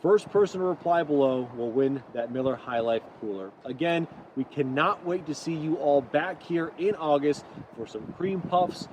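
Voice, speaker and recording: A man's voice: a little high, expressive, normal speed, hardly any pauses, darkish tone, muffled recording, slight background noise. A man with a Midwestern American accent hosting a virtual fair event, upbeat and promotional. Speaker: event host.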